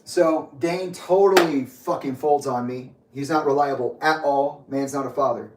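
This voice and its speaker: A man's voice: medium pitch, moderate pace, a little mellow, a little hiss or hum. A young man telling his story in an angry personal monologue, bitter, sarcastic and swearing often. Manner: bitter, sarcastic, profane ranting. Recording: echoey room, voice from a distance.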